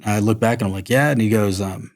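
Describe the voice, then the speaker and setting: A man's voice: fairly low pitch, fast talker. Laid-back man spinning an army story. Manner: rambling, animated, lots of fillers. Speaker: podcast guest, army veteran. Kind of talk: casual storytelling.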